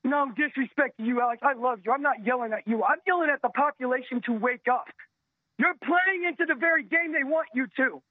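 A man's voice: a little fast, no echo. Impassioned male caller on a phone line. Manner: urgent, preaching, swings from low and steady to shouting. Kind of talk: impassioned call-in rant.

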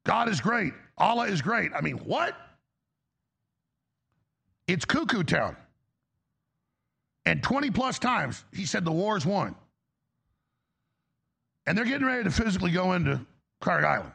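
A man's voice: high-pitched, sing-song, a little slow, creaky, pauses often, bright, forceful tone, slightly rough. A man hosting a talk show, giving a heated, emphatic political commentary monologue with frequent restarts.

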